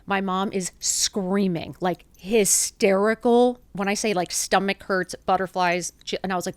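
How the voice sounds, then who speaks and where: A woman's voice: medium pitch, moderate pace, dry recording. A woman in her fifties, a podcast guest, telling a personal story with emotion, swearing freely and acting out the dialogue. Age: 50s. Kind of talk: candid storytelling interview.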